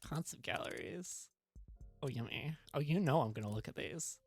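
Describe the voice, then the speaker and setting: A woman streaming a game, talking casually and gushing excitedly, with squeals and swearing. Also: deep voice, normal speed, slightly rough, soft background music.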